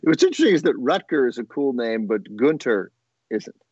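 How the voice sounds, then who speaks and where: A middle-aged man rambles through casual talk, often restarting his sentences. His voice sits at an average pitch. The recording is dry and dull, with a lo-fi edge. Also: sing-song, normal speed, darkish tone, husky, no echo. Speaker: podcast co-host. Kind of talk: casual chat.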